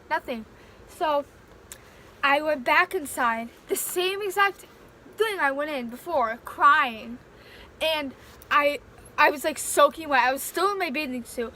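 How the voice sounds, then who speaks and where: A young woman vlogger with a high, bright, ringing voice tells a casual storytime. She rambles and piles fillers into every sentence as the story tumbles out. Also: slight background noise. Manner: rambling, filler-heavy retelling with many "like"s.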